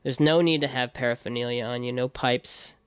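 A man's voice: medium pitch, fairly even intonation, brisk, fairly bright tone, clean tone, no room sound. A man in his late thirties, a touring comedian, chatting casually on a podcast in a rambling, self-deprecating way. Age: 30s.

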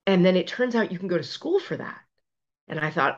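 This is a middle-aged woman speaking as an interview guest, telling personal stories with emphatic, self-deprecating humor. Her voice sits on the lower side and comes through a slightly muffled, lo-fi recording. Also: lively intonation, fairly quick. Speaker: guest, physician and resilience expert. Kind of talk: conversational interview storytelling.

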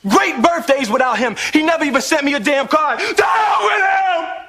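An actor playing a hurt teenage boy with an absent father, emotional and rising to shouts in a sitcom scene. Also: extremely high pitch, lively intonation, normal speed, some chatter behind, full character voice. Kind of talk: sitcom acting. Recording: TV clip with faint noise.

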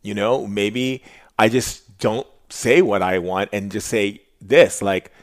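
A man's voice: fairly low pitch, takes it slowly. A man hosting a casual spiritual chat, telling stories animatedly and acting out quotes. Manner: animated storyteller, acts out quotes. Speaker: podcast host.

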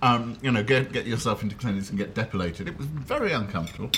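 A man's voice: medium pitch, animated, fast talker, a bit bright, slight background noise. A man from South London interviewing a guest over a meal, telling wry, self-deprecating stories. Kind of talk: casual chat over a meal. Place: dinner table. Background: clinking cutlery and dishes.

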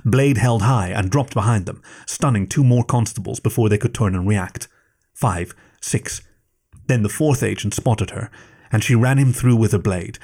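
A man with a fairly low voice narrates an action story in a steady, measured manner. His scripted reading keeps an even pace through the scenes.

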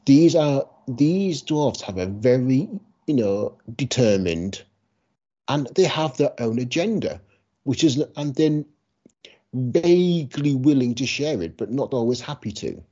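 A man's voice: medium pitch, expressive, a little slow, dark tone. Enthusiastic male podcast co-host, dull lo-fi sound. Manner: enthusiastic, with many likes and trailing sentences. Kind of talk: casual chat.

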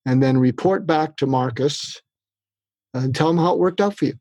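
A husky older man talks in a lively, animated way, acting out bits of dialogue as he coaches. The recording is dry and close, with no room sound around him. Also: on the high side, moderate pace, no room sound, highs cut off. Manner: lively, acts out quoted family dialogue. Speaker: podcast guest. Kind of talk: animated advice giving.

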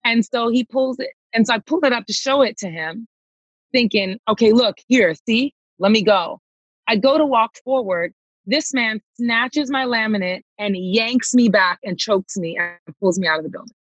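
A woman's voice: a little high, moderate pace, husky, no echo, muffled recording. A woman, a touring singer, telling a personal story emphatically and acting out the dialogue. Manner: emphatic, reenacts dialogue, calls listener girl.

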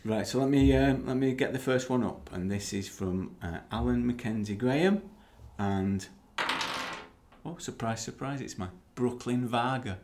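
A man co-hosting a podcast, chatty and quick to laugh, often restarting his sentences. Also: mid-range voice, darkish tone, slight background noise. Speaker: podcast co-host. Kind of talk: casual podcast chat.

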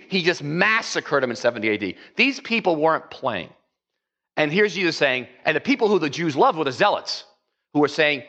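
A man's voice: fairly high pitch, very animated, brisk, bright, forceful tone. A man preaching a conversational sermon as a pastor, rambling with many fillers and acting out quotes.

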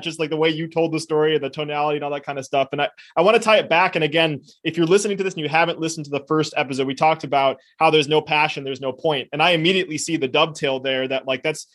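A man hosting a podcast talks quickly and with enthusiasm, often restarting mid-sentence. His voice sits a little high for a man. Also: fairly bright tone. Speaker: podcast host. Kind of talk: casual interview chat.

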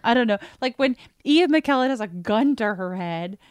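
A woman's voice: fairly high pitch, normal speed, clean tone, no echo. Sarcastic woman podcast co-host, dry mic. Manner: sarcastic, animated riffing with quoted voices. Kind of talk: casual chat.

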